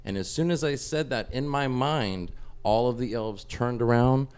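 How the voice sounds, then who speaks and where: A man's voice: mid-range voice, moderate pace, clear, resonant tone. A man, a podcast guest, telling a story in casual chat, swearing freely and filling his talk with "like" and "bro". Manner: animated, profane, lots of "like" and "bro".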